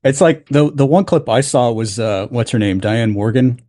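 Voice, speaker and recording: A man's voice: medium pitch, normal speed, dark tone, no echo, studio quality. A man co-hosting a podcast in casual chat, teasing, swearing freely and laughing often. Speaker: podcast co-host.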